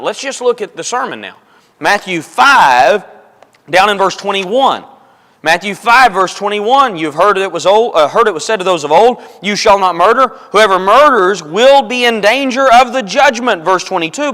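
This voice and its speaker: Sharp in tone and sitting high, a man's voice carries his sermon through a church auditorium with long hall reverb. He's emphatic and repetitive for stress, calling his congregation folks and brethren.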